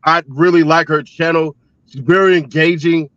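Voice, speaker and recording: A laid-back man hosting a casual chat, his voice set a little high for a man. He rambles and restarts his sentences, recorded dry and a bit dull. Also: fairly even intonation, moderate pace, a bit bright, no echo. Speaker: host.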